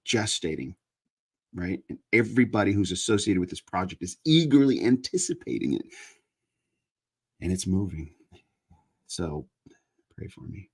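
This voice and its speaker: A man's voice: sits low, darkish tone, slightly rough. A man in his fifties hosting a casual live chat, talking earnestly and building into emphatic preaching. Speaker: online show host.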